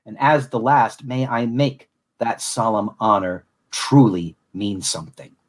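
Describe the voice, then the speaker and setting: A podcast host with a medium-pitched voice reads a solemn, grandiose scripted monologue in a deliberate, formal manner, then shifts into casual chat.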